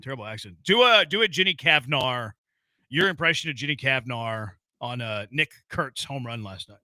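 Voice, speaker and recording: Animated, bright-voiced male radio host. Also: medium pitch, moderate pace, no echo. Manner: playful, jokey banter. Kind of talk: casual sports talk. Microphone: studio microphone.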